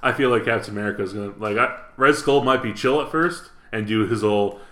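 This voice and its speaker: A man co-hosts a laid-back chat and rambles through his ideas. His voice sits low but sounds bright. The room around him is echoey. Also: fast talker. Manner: relaxed, rambling theory talk. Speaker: podcast co-host. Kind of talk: casual chat.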